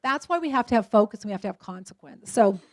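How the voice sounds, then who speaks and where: A woman in her forties giving a keynote talk at a luncheon, telling lively stories and acting out the voices of the people in them. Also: medium pitch, fast, no echo. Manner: lively storytelling, acts out quoted voices. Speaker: motivational speaker.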